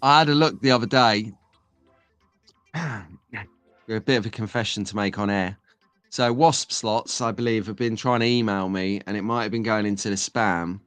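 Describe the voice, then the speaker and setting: A man's voice: on the low side, normal speed, a bit bright, clean tone, no echo, soft background music. Guy rambling to his stream chat, just woke up, dry close sound. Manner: chatty, jokey banter with the chat. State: just woken up. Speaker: host. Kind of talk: casual live-stream chat.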